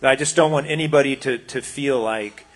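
A man's voice: medium pitch, normal speed. A man who leads a house of prayer, speaking earnestly to a congregation with frequent restarts. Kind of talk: casual remarks to a congregation.

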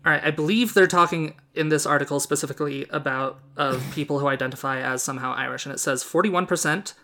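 A man hosting a casual podcast quiz, animated and quick to laugh. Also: fairly high pitch. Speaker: quiz host.

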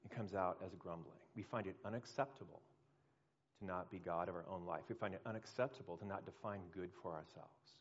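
A man preaching a sermon as pastor, animated and acting out the voices he quotes, from swelling to hushed. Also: low voice, brisk, lo-fi sound.

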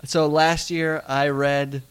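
A man's voice: fairly high pitch, flat delivery, slow, clean tone. A man co-hosting a casual podcast, rambling and trailing off, with a cold. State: has a cold. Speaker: podcast co-host.

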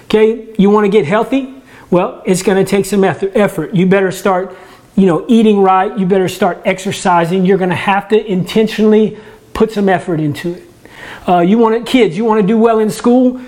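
Chatty man giving a relaxed home sermon. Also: sits high, normal speed. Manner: conversational, restarts words, self-deprecating humor. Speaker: church ministry director. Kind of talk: casual home-recorded sermon. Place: his own home, indoors.

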